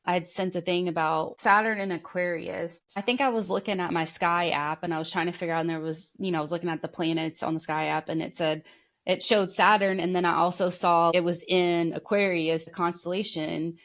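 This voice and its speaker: Low-voiced woman telling heartfelt stories. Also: fairly even intonation, brisk. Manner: rambling, heartfelt storytelling with many fillers. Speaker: podcast co-host. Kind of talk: casual chat.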